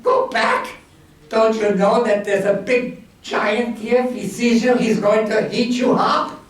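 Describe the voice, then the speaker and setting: A man's voice: high-pitched, little pitch movement, a little slow. A man voicing a woman at a giant's castle who warns a young boy in a comic bedtime story. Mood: warning. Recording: echoey room, mic far off.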